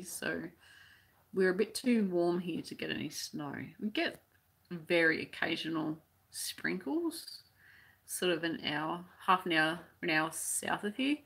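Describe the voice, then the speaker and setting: Chatty Australian woman, husky and low. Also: pushed and bright. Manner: chatty, rambling, with frequent restarts and fillers. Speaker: crochet teacher and live chat host. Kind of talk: live stream chat reading viewer comments.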